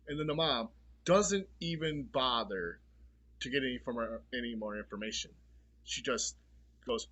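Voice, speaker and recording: A man's voice: medium pitch, normal speed, fairly bright tone, breathy edge. A man giving a casual movie review, swearing freely in a blunt, exasperated rant.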